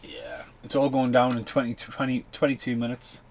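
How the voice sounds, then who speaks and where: A man's voice: medium pitch, sing-song, moderate pace, gravelly, slight background noise, poor audio. A man hosting a podcast and commenting on a film while it plays, rambling and swearing in a loose, casual way. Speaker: podcast host.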